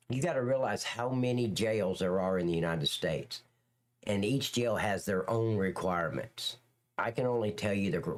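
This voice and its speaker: A middle-aged man, a former police officer, ranting bluntly and crudely as he chats with viewers on a livestream, his pitch swinging up and down. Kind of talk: casual livestream chat reacting to viewers.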